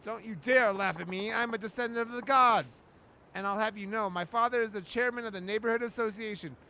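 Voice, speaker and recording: A man's voice: sits high, fairly quick, sharp tone, slight background noise, low-quality recording. A man voicing a pompous, haughty male self-styled nobleman in his thirties who talks in flowery insults while reading a game aloud.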